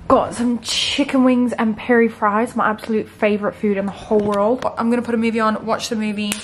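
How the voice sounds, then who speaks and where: A woman's voice: on the high side, flat delivery, brisk, a little hiss or hum. A young woman, talking casually to camera in a rambling, chatty vlog. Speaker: vlogger.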